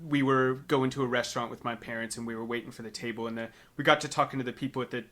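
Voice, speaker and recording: An American man co-hosting a podcast, chatting casually and telling playful, animated stories. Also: medium pitch, very fast. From United States. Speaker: podcast co-host. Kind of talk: casual chat.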